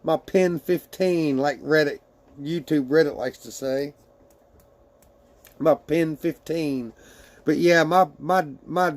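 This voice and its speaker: A man's voice: on the high side, takes it slowly, pauses often. A man casually chatting with his livestream viewers and reading their messages aloud, laughing often and swearing freely.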